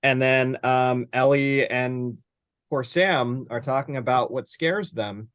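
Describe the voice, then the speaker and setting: A man's voice: mid-range voice, takes it slowly, fairly bright tone, no echo. A man hosting a casual TV review chat who recaps scenes with many fillers and restarts. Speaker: host.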